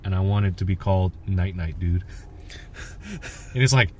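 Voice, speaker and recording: A man's voice: low voice, measured pace, darkish tone, breathy edge. A young man co-hosting a casual podcast, joking and telling playful stories. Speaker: podcast co-host. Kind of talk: casual chat.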